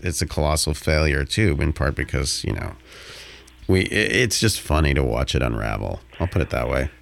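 Low gravelly man, wry and relaxed. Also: normal speed. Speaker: radio guest, prankster activist. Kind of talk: casual radio interview.

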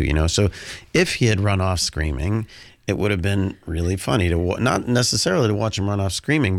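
A man's voice: low voice, gravelly, no echo. A man speaking as a radio interview guest in a casual, wry, self-deprecating way. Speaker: radio guest, prankster activist.

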